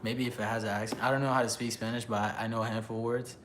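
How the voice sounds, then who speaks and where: A man's voice: lowish voice, level tone, noisy background. A man casually chatting on a live stream, reading chat aloud, loose and joking, laughing often. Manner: halting when he switches languages.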